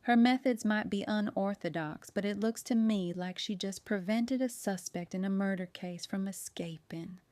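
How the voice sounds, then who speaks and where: A woman voicing a calm, firm woman detective in an audiobook, speaking in a measured, pointed way. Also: medium pitch, smooth, no echo, natural voice. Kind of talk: audiobook character reading.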